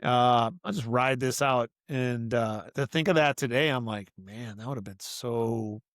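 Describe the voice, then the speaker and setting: A man's voice: mid-range voice, a little slow, a bit bright, dry recording, clean studio sound. A middle-aged man talking as a podcast guest, earnest and rambling, with lots of "you know" and "like" as he explains his work as an author and coach. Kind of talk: casual interview conversation.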